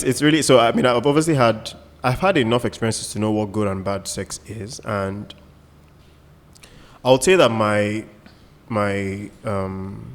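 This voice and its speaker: A man's voice: on the low side, long reverb tail. A man, co-hosting a casual podcast chat and explaining his views through examples and asides. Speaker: co-host.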